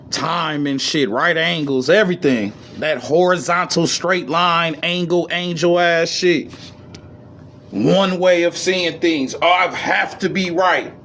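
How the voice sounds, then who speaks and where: A man giving a casual esoteric lecture, reading passages aloud and riffing on them in profane street slang, swinging between high and low registers. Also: measured pace, fairly bright tone. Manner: reads passages, then riffs in profane slang.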